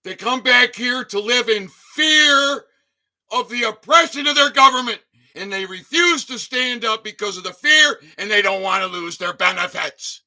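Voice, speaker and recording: A man's voice: animated, normal speed. Furious ranting man, wildly swinging voice. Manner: swings between shouting and low muttering, heavy profanity. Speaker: channel host. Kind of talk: angry ranting monologue.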